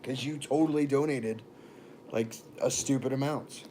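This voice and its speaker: A man's voice: mid-range voice, a little slow, warm tone, a little hiss or hum. A young man from Texas and Florida, chatting casually on a livestream and greeting viewers by name. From born in Texas, raised in Florida.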